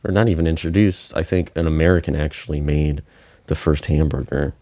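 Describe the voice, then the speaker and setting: A man co-hosting a podcast in casual chat, explaining things in an earnest, steady way. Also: extremely low pitch, fairly quick, no room sound, studio quality. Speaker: podcast co-host.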